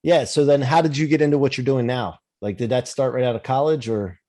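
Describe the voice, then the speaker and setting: A man's voice: medium pitch, steady tone, a little fast, darkish tone, a little hiss or hum. A man from the United States hosting a casual interview podcast, chatty and loose, often restarting with "uh" and "like". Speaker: podcast host.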